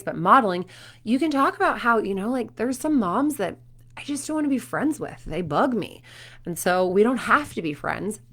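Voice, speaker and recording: Animated woman coach talking to parents. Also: mid-range voice. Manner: animated storytelling with acted quotes. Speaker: performance coach.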